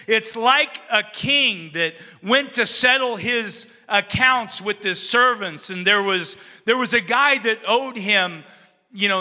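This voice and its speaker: A man preaching a sermon in a conversational, animated storytelling way, acting out the characters' lines. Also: high voice, long reverb tail. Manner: conversational, asks the audience "you know what I'm saying".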